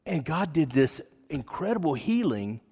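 Husky man preaching in an echoey hall. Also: fairly high pitch, very animated, a little slow, darkish tone. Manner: rambling, earnest storytelling with frequent fillers. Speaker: preacher giving testimony. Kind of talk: personal testimony sermon.

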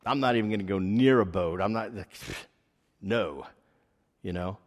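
Speaking at a measured pace in a voice on the low side, a man offers a rambling, earnest personal testimony as a sermon, often using fillers. Hall reverb gives the recording an echo.

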